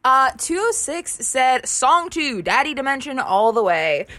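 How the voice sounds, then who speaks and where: A woman's voice: high voice, sing-song, a little slow, pushed and bright. A woman co-hosting morning radio, playful and giggly while reading listener texts. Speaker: radio co-host. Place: radio studio.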